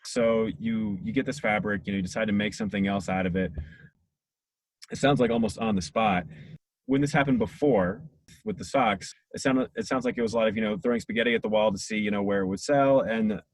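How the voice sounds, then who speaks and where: A man's voice: on the low side, a little fast, dry recording. A man hosting an interview, asking long, rambling questions full of fillers. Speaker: interviewer, podcast host. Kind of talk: conversational interview.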